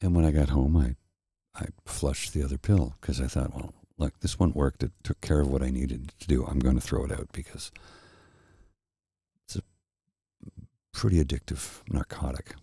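A middle-aged man hosting a soft-spoken ASMR chat, telling a rambling story slowly and with restarts, close to the mic. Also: rumbling low, steady tone, slightly rough, no echo. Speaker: host.

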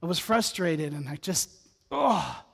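A man's voice: fairly high pitch, sing-song, measured pace, gravelly, breathy edge. A middle-aged man preaching a sermon as pastor, mixing scripture reading with humorous asides and a personal story in a conversational way. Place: church sanctuary. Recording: church sanctuary with long reverb.

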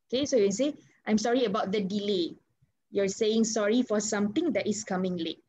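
A woman's voice: medium pitch, fairly quick, a little mellow, slight background noise. Malaysian woman teaching an online English class. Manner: encouraging, asks students questions. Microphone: video call. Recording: slightly muffled video call audio.

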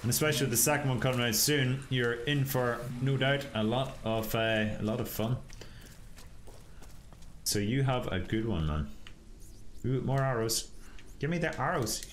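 A man's voice: medium pitch, moderate pace, pauses often, a little hiss or hum. A tired man streaming a game, joking and chatting casually with his viewers. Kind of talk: casual gameplay commentary.

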